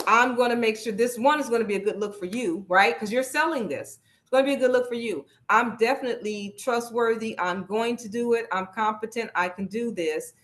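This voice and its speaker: A woman's voice: on the high side, a little fast, hardly any pauses, fairly bright tone. A woman leading a live online workshop over a video call, speaking casually and encouragingly, repeating her instructions.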